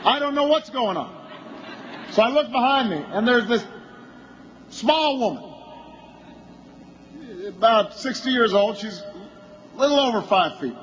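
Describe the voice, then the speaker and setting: A man, a politician, giving a campaign rally speech as an anecdote that builds toward shouting. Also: very high voice, expressive, unhurried, pauses often, dull audio, faint music behind.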